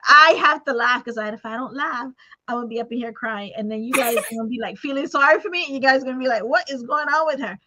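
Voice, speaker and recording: A woman hosting a casual interview podcast, lively and expressive, laughing often as she talks. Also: fairly high pitch, quick pace, no room sound, dull audio. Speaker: podcast host.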